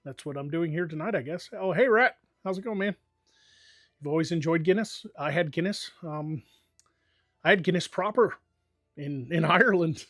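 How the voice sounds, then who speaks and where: A man's voice: on the high side, moderate pace, fairly bright tone, no room sound, studio quality. An American man streaming and chatting casually, telling rambling, profane stories with lots of fillers. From United States. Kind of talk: casual chat.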